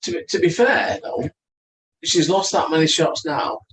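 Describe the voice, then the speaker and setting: A man's voice: on the high side, expressive, a little slow, a bit bright, slight background noise. Teasing man, casual chat. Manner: teasing, chatty, reads out viewer comments. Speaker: co-host of a live chat stream.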